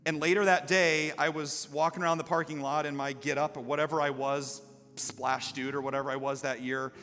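Bright-voiced preacher in a reverberant sanctuary. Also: male voice, on the high side, flat delivery, a little fast. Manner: storytelling that builds to loud, impassioned preaching. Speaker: pastor. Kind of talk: sermon. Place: church sanctuary. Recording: live hall reverb with faint music.

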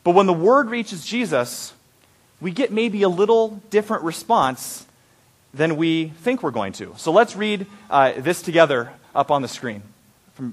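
A man preaching a sermon in a conversational way, asking the congregation questions and acting out quoted prayers with rising intensity. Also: a little high. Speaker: pastor.

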